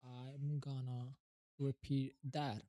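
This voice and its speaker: Man streaming slow, very mellow voice, dry sound, nervous learner who repeats phrases. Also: mid-range voice, little pitch movement, no room sound, low-quality recording. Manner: hesitant, repeats words over and over. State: nervous, shaky. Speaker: livestreamer learning English. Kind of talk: casual live-stream chat. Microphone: own streaming mic.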